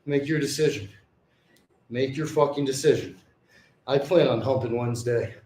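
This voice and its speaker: A fitness vlogger with a mid-range, darkish voice speaks at a moderate pace in an echoey room. His workout vlog is casual and full of swearing as he hypes himself between sets, at times short of breath.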